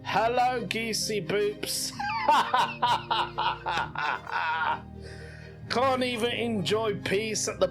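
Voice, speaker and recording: Giggly British podcast host. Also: male voice, a little high, fairly bright tone. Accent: British English. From Britain. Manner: laughs often, playful and giggly. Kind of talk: casual solo podcast chat. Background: faint background music.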